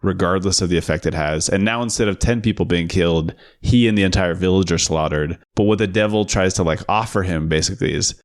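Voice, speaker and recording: A man's voice: low voice, fairly quick, few pauses. A man co-hosting a podcast, talking through a film's moral questions in a thoughtful, step-by-step way. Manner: thoughtful, builds arguments step by step. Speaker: podcast co-host. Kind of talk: casual film discussion.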